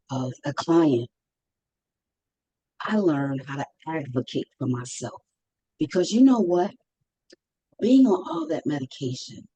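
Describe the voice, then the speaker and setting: A woman's voice: deep voice, mellow, breathy edge, rough recording. A woman telling her own mental health story as a guest, emphatic, repeating phrases for stress and acting out what she once said. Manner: acts out her own past words in dialogue. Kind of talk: personal testimony in conversation.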